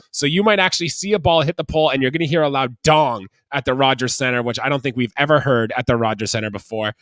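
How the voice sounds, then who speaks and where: Fast-talking male sports podcast host. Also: fairly high pitch, a bit bright, dry recording. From Canada. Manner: chatty, asks co-host questions, laughs easily. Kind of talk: casual sports podcast chat.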